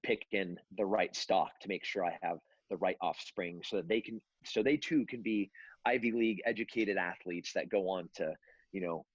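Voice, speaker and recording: Husky low-voiced man telling stories. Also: dry recording, lo-fi sound. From California. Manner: rambling, many fillers and restarts. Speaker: guest. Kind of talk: casual storytelling interview.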